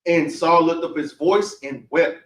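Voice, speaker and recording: Guy reading bible verses out loud real measured, kinda far from the mic. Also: on the high side. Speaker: scripture reader in class. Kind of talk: slow reading aloud of scripture. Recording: echoey room, far from the mic.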